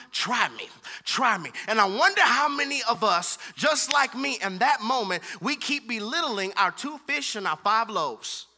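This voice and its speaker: Male young adult pastor, high and very bright tone, passionate rhythmic sermon delivery. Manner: impassioned preaching, rhythmic repetition, voices God's words.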